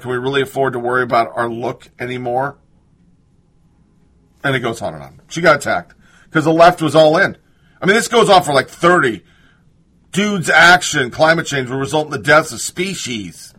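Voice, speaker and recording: A man's voice: a little high, fairly bright tone, husky. A man reading news aloud and reacting to it with sarcastic, indignant asides. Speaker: political commentator.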